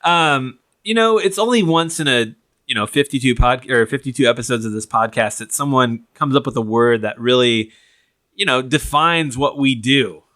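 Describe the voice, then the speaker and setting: A man on a comedy podcast, playful and quick to break into song lines. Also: mid-range voice, bright, forceful tone. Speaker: podcast panelist.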